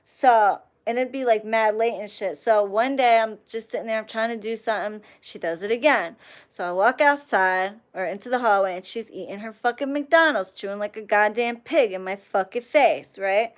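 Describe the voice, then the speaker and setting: A young woman hosting a casual livestream, telling a profane, animated story and thanking chat viewers along the way. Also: mid-range voice, moderate pace. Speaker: livestream host.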